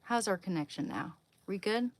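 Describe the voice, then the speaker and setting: A woman livestreaming from her kitchen at home, cooing and whispering softly to her dog and chatting loosely with viewers. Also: medium pitch, normal speed. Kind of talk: casual livestream chat. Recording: clear steady background noise.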